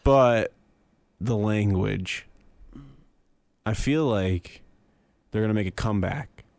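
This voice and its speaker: A man's voice: lowish voice, slow, vocal fry, darkish tone, no echo. Easy-laughing man, dry close sound. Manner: laughs easily, joking back. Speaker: podcast co-host. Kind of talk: casual chat.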